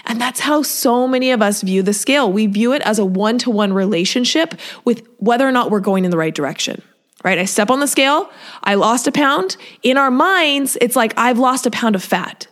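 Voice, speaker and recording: A woman's voice: fairly high pitch, animated, fairly quick. A woman fitness coach talking casually and encouragingly, often acting out what her clients say. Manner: chatty, encouraging, acts out clients' voices. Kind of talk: solo podcast talk.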